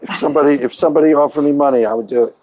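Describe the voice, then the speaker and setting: A man's voice: on the high side, rapid-fire, darkish tone, poor audio. A man from the New York area with a New York accent, hosting a joking casual chat. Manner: jokey, teasing. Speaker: channel host.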